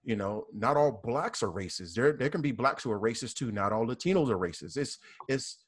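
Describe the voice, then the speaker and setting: A man's voice: medium pitch, lively intonation, a little fast, breathy edge. A man with a Southern US accent, a police officer speaking earnestly and with repetition as a guest in a casual panel discussion.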